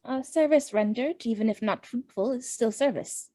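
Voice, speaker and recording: A woman's voice: on the high side, dark tone, dry recording, natural voice. Woman playing a dignified, formal adventurer. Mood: gracious. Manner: formal, measured.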